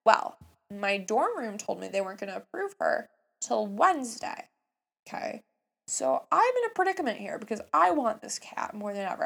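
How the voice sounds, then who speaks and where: A young woman in her twenties telling a story casually, with animated jumps between hushed asides and excited outbursts. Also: on the high side, creaky.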